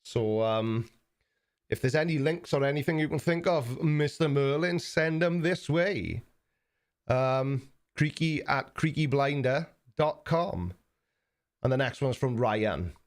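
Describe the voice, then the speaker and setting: A man's voice: medium pitch, slow. A man hosting a livestream, chatting casually and reading out viewer messages, rambling with lots of fillers and self-mocking asides. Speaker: livestream host.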